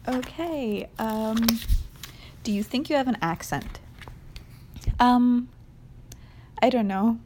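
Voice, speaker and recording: A woman's voice: on the high side, takes it slowly, pauses often, background noise. A young woman with a New England accent, chatting casually through an accent challenge with many fillers and light laughs. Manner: chatty, hesitant, with frequent fillers and soft laughs. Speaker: vlogger answering an accent challenge. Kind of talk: casual chat.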